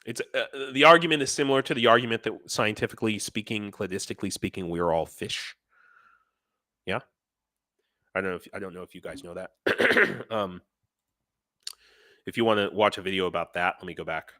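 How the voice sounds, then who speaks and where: A lower-pitched man with a bright, forceful voice talks casually on a live stream. He rambles, circles back to restart sentences and answers his chat by name. The sound is close and dry. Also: fairly quick, pauses often, dry recording. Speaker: teacher.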